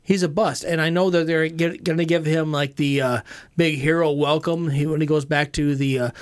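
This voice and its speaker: A man co-hosts a sports talk show from a radio studio and tells rambling, jokey stories about the team. His voice sits fairly high for a man. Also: steady tone, normal speed, clean tone. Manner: joking, rambling storyteller. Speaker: radio co-host. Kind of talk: casual sports radio banter.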